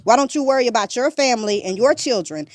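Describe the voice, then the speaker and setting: A woman's voice: on the high side, expressive, quick pace, dry recording, studio quality. A woman guest on a podcast, ranting bluntly and defiantly, cursing and throwing insults nonstop. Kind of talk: heated rant in an interview.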